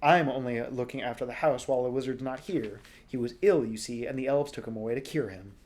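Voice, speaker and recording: A man voicing a spirited, sharp-tongued young girl who snaps and shouts. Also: a little fast, natural voice. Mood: brisk. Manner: raises pitch, shouts and snaps.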